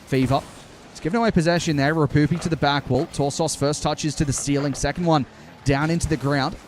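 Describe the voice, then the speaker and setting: A young man doing live play-by-play commentary on an esports match, calling the action briskly and breaking off to answer his chat. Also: a little high, fairly even intonation, a little hiss or hum.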